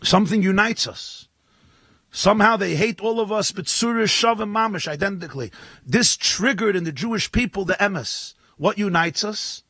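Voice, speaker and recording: A man, a rabbi, giving a lively sermon at a live gathering, telling stories and acting out the voices in them. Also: sits high, normal speed, no room sound. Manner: animated storytelling, acting out voices, rising to shouts. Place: live event with an audience.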